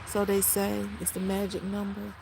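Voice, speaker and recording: Gravelly-voiced woman in her fifties, rambling. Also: medium pitch, completely flat delivery, normal speed, background noise. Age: 50s. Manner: rambling, emotional, heartfelt. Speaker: vlogger. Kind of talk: unscripted casual vlog.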